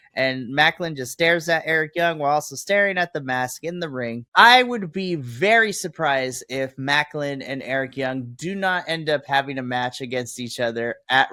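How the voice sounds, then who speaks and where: A man's voice: a little high, no echo, studio quality. A man co-hosting a wrestling review podcast, talking casually and acting out what people said as he retells it. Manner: animated, slips into mock dialogue when retelling. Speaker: podcast co-host.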